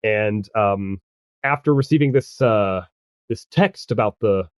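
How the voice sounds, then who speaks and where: A man narrating a tabletop role-playing game as game master, chatty and halting, often laughing as he goes. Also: on the low side, no echo, clean studio sound.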